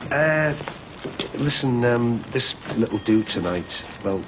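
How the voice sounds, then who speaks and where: An actor playing an awkward, hesitant husband in a TV soap. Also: male voice, mid-range voice, expressive, slow, noisy background. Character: awkward, hesitant man making excuses. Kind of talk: 1990s TV soap acting.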